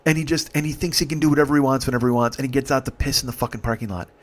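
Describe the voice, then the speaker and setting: A man's voice: mid-range voice, fairly even intonation, rapid-fire. A male comedian telling a story, exasperated and swearing freely. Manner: profane, exasperated.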